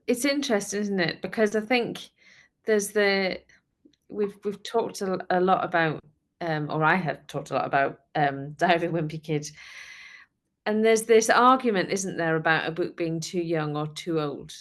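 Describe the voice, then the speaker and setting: A woman's voice: fairly low pitch, unhurried. A woman hosting a podcast, asking her guests questions and steering a casual discussion. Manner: inquisitive, steering the conversation. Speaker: podcast host.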